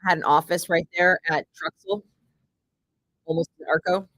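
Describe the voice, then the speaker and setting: A woman's voice: fairly low pitch, expressive, normal speed, fairly bright tone, no echo. A woman in her fifties hosting a casual chat, talking in a blunt, profane and sarcastic way. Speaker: host.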